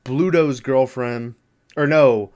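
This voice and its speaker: Man, podcast host, casual film recap, rambling, laughs and acts out lines, mid pitch. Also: slow pace, darkish tone, smooth.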